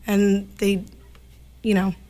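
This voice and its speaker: A young woman guest in a small radio studio, chatting casually and laughing often, talking in quick bursts. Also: mid-range voice, little pitch movement, warm tone. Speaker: band leader, guest.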